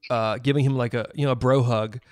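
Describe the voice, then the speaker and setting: A man's voice: mid-range voice, steady tone, fast talker, smooth, no echo, studio quality. A middle-aged man hosting a casual interview, playful and chatty, laughing often. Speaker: host.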